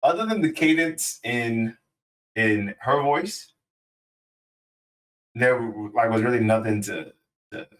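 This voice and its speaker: A man co-hosting a podcast in a laid-back way, thinking out loud with lots of fillers. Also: mid-range voice, lively intonation, takes it slowly, pauses often, distant mic, low-quality recording. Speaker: podcast co-host. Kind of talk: casual podcast chat.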